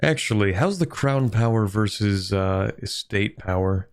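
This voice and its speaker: A man's voice: lowish voice, expressive, unhurried, clear, resonant tone. A man streaming a strategy game, chatting casually, thinking aloud and answering viewers' questions. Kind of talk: casual gameplay commentary.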